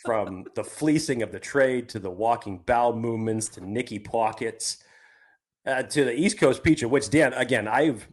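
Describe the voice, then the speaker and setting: This medium-pitched podcast co-host from California talks at a moderate pace on a casual sports show. His long, winding sentences often break off and start over as he cuts himself off.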